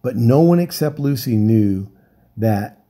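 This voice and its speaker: A man reading a children's novel aloud in calm, steady narration. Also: mid-range voice, slow pace. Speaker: volunteer reader.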